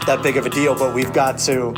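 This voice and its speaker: A man co-hosting a casual comedy podcast, chatty and quick to swear and laugh. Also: medium pitch, flat delivery, music in the background. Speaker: podcast co-host; stand-up comedian. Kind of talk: casual chat.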